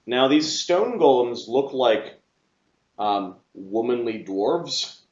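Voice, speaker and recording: A man narrating as game master of a tabletop game at a table with players, pausing often with ums and restarts. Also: mid-range voice, animated, a little mellow, reverberant, muffled recording. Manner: halting, frequent restarts and ums. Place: room with several players around a table.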